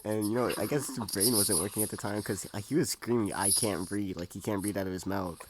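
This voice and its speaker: A young man with a fairly low voice, chatting casually on a podcast call and telling stories in a laid-back way. His audio comes with a clear hiss of noise behind it. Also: fairly even intonation, fast. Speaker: podcast co-host.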